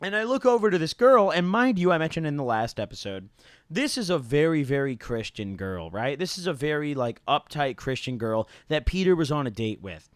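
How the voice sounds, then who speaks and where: Young dude rambling thru a crazy story, kinda high voice, dead dry sound, swears a lot. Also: male voice, big pitch swings, fairly quick, clean tone, no echo. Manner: rambling, slangy, lots of "like" and "dude", swearing freely. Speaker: YouTuber. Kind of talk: casual storytelling to camera.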